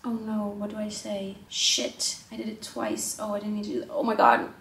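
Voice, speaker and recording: A woman in her twenties from the Netherlands, chatting candidly in a vlog from a hotel room. She swings between loud exclamations and hushed asides. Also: mid-range voice, monotone, moderate pace, roomy sound, a little hiss or hum. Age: 20s. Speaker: vlogger. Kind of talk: casual candid vlog chat. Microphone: handheld vlog camera.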